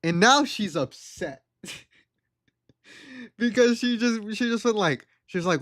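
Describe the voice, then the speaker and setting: Young man, slightly high voice, casual rambling storyteller, laughs at his own story, live stream. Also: expressive, unhurried, a bit bright.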